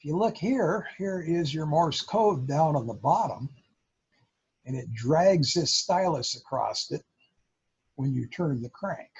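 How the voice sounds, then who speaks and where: A man presents to a radio club in an unhurried show-and-tell talk, now and then mouthing out code sounds. His voice is raspy and gravelly and sits a little high. The recording is dull and lo-fi. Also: expressive, darkish tone. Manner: explaining, imitating Morse sounds.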